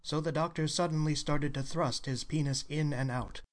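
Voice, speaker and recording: A man's voice: fairly high pitch, fairly even intonation, normal speed. A man telling a crude joke in a plain storytelling way, quoting the people in it.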